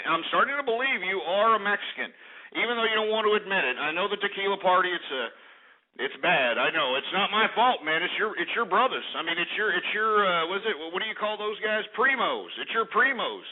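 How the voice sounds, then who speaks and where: A man hosting a call-in radio show, loud and mocking, stammering over his own words. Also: high voice, expressive, a little fast. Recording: tinny phone-like radio audio.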